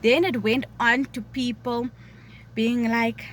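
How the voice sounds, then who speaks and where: A woman's voice: on the high side, fairly even intonation, takes it slowly, a little hiss or hum. Young woman telling a candid story. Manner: candid and conversational. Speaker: vlogger. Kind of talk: personal storytelling.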